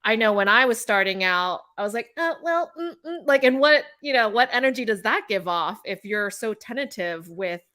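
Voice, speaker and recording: A woman's voice: mid-range voice, normal speed, few pauses, bright, forceful tone. A woman podcast host in conversation with a guest, reflecting aloud and asking open questions. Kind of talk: interview conversation.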